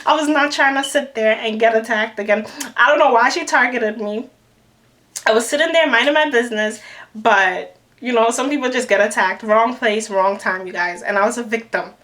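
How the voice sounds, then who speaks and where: A young woman in a storytime vlog, animated and acting out the people she quotes. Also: a little high, normal speed. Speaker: vlogger. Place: New York City.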